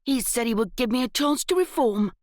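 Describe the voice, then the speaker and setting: A woman's voice: a little high, animated, brisk, darkish tone, no echo, studio quality, voice pushed up, natural voice. A woman voicing an insolent older schoolboy with a whiny, sulky drawl.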